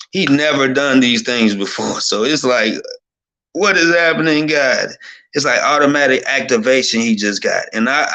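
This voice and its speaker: A man's voice: medium pitch, a bit bright. A man telling an emotional personal testimony as a guest, fervent and overwhelmed, often restarting his sentences.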